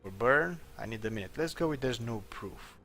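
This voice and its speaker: A man's voice: medium pitch, animated, moderate pace, bright, forceful tone, soft background music. A man giving casual let's-play commentary, thinking aloud and chuckling as he plays. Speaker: gameplay commentator.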